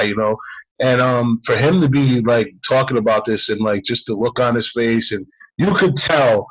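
Guy rambling thru a story on his podcast, voice not high not low. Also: normal speed, husky, rough recording. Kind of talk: casual storytelling chat.

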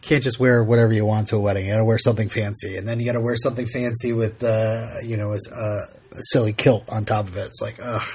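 A podcast co-host talks fast in a lowish, darkish voice with a level tone and a breathy edge. He rambles casually, often restarting sentences and leaning on fillers.

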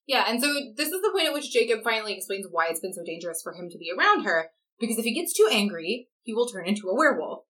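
A woman's voice: medium pitch, big pitch swings, fast, few pauses, a bit bright. A young woman co-hosting a podcast, summarizing plot points wryly in casual chat and correcting her co-host. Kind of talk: casual chat, book recap.

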